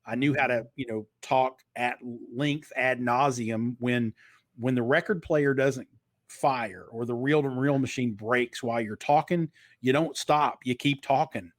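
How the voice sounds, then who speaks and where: A man's voice: mid-range voice, measured pace, dry recording, studio quality. A man in his fifties from Eastern Kentucky with a slight twang, telling his story as a podcast guest in a fluent, trained broadcaster's delivery. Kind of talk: casual interview storytelling.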